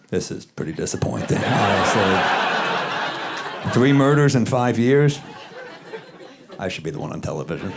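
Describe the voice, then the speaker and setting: A man with a low, deep voice performs stand-up on a club stage. His delivery is dry and deadpan. It is a live club recording with a clear crowd heard behind him. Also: background noise. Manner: deadpan, wry delivery with quoted asides. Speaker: stand-up comedian. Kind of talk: stand-up comedy set. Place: comedy club stage with laughing audience.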